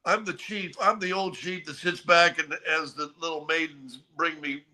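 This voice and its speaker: An older man tells sports stories on a talk show, his voice pitched a little high and strikingly bright and forceful. He is animated and keeps restarting his sentences with repeated words. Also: moderate pace. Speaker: co-host.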